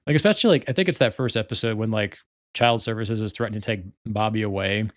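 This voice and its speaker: Young man, solo podcast host, rambling casual chat, low voice, dry sound. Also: quick pace, dry recording. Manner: rambling, many filler words, frequent laughter.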